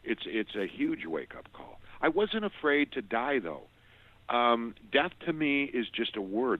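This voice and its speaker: Older man, interview guest, earnest and halting, low voice, tinny phone-like sound. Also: very animated, husky. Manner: earnest, halting, with repeated restarts. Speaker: interview guest, former radio host. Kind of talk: personal storytelling in an interview.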